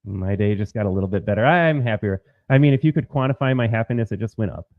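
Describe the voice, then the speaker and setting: A man's voice: lowish voice, lively intonation, quick pace, no room sound, phone-quality sound. A man hosting an opinionated political commentary, talking emphatically to his viewers and repeating his points.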